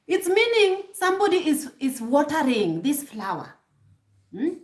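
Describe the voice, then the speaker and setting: A woman's voice: high voice, very animated, unhurried, echoey room. A woman vlogger giving emphatic, preachy relationship advice straight to her viewers, prodding them with rhetorical questions. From Kenya. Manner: emphatic, preachy, rhetorical "hmm?" prompts, frequent restarts. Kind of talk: direct-to-camera advice monologue.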